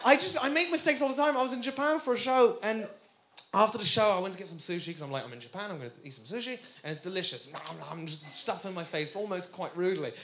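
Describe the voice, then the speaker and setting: A man doing a stand-up routine, telling stories animatedly, laughing and switching between loud bursts and hushed asides. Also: sits high, fast. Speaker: stand-up comedian. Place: live comedy stage.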